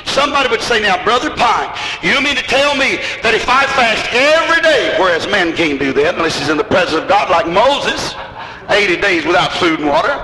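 A man preaching a sermon in folksy country grammar, asking the crowd questions and rising to shouts. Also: high voice, very animated, fairly quick. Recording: echoey hall with noise.

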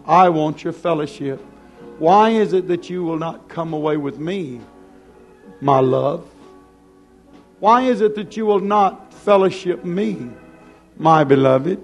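A pastor with a fairly high male voice delivers a sermon, stretching out each phrase at a leisurely pace. His pleading, exhorting tone grows more passionate, while soft music plays faintly in the background.

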